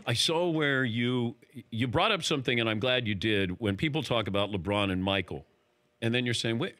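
A man's voice: mid-range voice, moderate pace, fairly bright tone. A man hosting an interview, chatty and prodding with his questions, laughing easily. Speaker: interview host. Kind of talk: casual interview chat.

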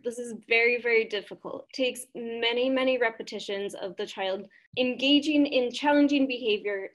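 A woman presenting a webinar on behaviour therapy, explaining steps and quizzing her audience. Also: fairly high pitch. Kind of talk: webinar lecture.

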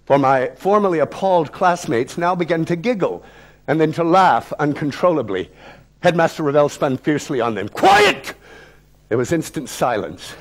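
A man in his sixties performs a story as an actor would on stage, sitting slightly high in pitch for a man. His telling is vivid and wry, with wide dramatic swings in pitch and loudness. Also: expressive, moderate pace. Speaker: actor and lecturer.

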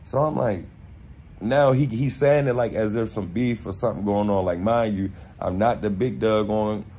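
A young man with a Baltimore accent telling a casual story, animated and profane, acting out quotes in street slang. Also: fairly low pitch, moderate pace, a little hiss or hum. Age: young adult.

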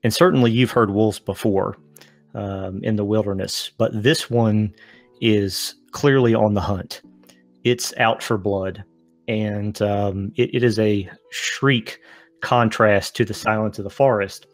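Low-voiced man narrating as game master. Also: steady tone, faint music behind. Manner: descriptive, dramatic storytelling with filler pauses.

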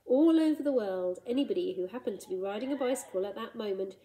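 Gentle, mellow woman teacher reading a story. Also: medium pitch, quick pace, low-quality recording. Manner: gentle, expressive, asides about the pictures. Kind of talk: reading a storybook aloud to children.

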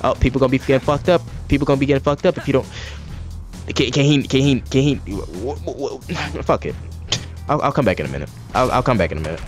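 A man's voice: medium pitch, quick pace, faint music behind. A man giving casual, profane gameplay commentary, trash-talking enemies and rambling in asides with frequent restarts. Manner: profane, reactive trash talk at the game. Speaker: gaming channel host.

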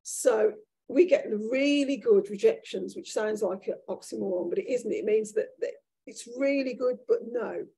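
A woman speaking to an audience at a live event, telling a story from her life in a candid, self-deprecating way. Her voice is mellow and dark, with a gravelly, husky edge. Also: a little high, moderate pace, rough recording. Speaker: author guest at a live talk. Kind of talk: anecdotal storytelling in a live conversation.

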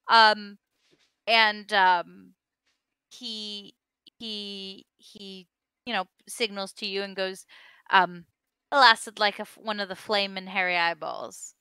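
Woman, game master, slow delivery, smooth clear tone, dry close mic. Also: mid-range voice, pushed and bright, no echo. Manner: unhurried, many ums and small laughs. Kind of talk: narrating a tabletop game.

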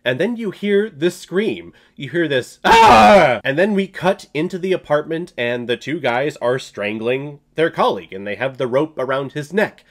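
Young man, casual film review, slightly high voice, very lively pitch, jokey, laughs a lot. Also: normal speed, few pauses. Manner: animated, jokey, laughs often, bursts into shouted bits. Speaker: movie reviewer.

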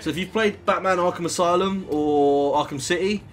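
British man, gaming host; loose, chatty commentary with a slightly higher voice. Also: normal speed, soft background music. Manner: rambling, chatty, with fillers and swearing. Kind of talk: let's play commentary.

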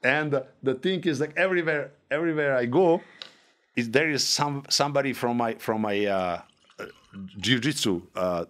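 Man speaking halting. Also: mid-range voice, fairly bright tone. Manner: halting, many fillers and restarts, non-native grammar. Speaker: guest, former legionnaire. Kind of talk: casual podcast chat.

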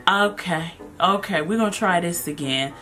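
Young woman squealing at a pimple game, high bright voice, bit of music behind. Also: normal speed. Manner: loud squealing disgust, sassy jokes. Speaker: gaming vlogger. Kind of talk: comic commentary over a pimple-popping game.

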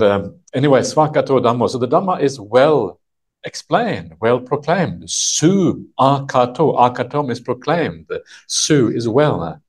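A man teaching a retreat group as a monk, explaining a text patiently in a halting way full of "uh" and "yeah". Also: fairly low pitch, breathy edge. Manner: halting, thinks aloud, many "uh" and "yeah" fillers. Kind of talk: unhurried dharma talk explaining a text. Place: retreat session with a live audience.

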